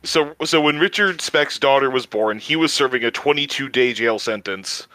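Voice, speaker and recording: A man's voice: medium pitch, moderate pace, bright, forceful tone, no echo, poor audio. A man co-hosting a casual podcast, joking with playful quips. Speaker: podcast co-host.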